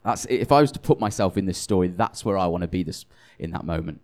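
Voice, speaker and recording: A man's voice: low-pitched, fast, a little mellow. A tired man preaching a conversational sermon, self-deprecating and chatty, often restarting his sentences.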